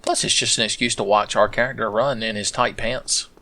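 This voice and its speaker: A man's voice: fairly low pitch, fairly even intonation, a little fast, bright, forceful tone. A man commentating his own gameplay with sarcastic, profane, rambling asides. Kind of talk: let's play commentary.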